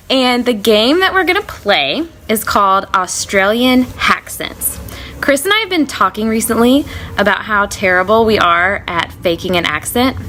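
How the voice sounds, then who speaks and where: A woman's voice: medium pitch, fairly bright tone, a little hiss or hum. An American woman co-hosting a casual podcast, running a game in a playful, teasing way and laughing often. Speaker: co-host running a game segment.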